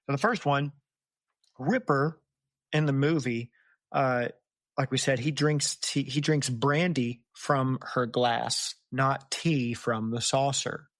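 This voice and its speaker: Animated man hosting a book podcast. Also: mid-range voice, takes it slowly, no room sound, clean studio sound. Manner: animated storyteller, acts out quoted lines. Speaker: podcast host. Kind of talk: casual book-discussion chat. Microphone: close podcast mic.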